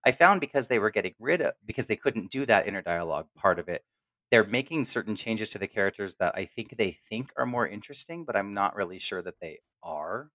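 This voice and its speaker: Low-voiced rambling man. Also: animated, a little fast, bright, forceful tone, no room sound. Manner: rambling, lots of fillers and restarts. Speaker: podcast co-host. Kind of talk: casual roundtable chat.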